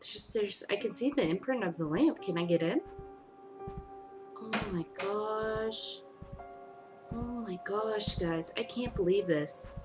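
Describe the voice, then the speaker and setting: A woman gamer talks through a story game at an unhurried pace. Her pitch sits in the ordinary middle range. She reacts with emotional exclamations and reads the game's text aloud between her comments. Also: over music. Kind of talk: let's play commentary.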